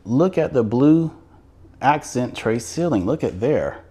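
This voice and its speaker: A man's voice: mid-range voice, expressive, slow, mellow, slightly rough. Chatty man giving a home tour. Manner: enthusiastic, chatty, repeats words. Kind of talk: casual walkthrough narration. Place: inside a manufactured home show model.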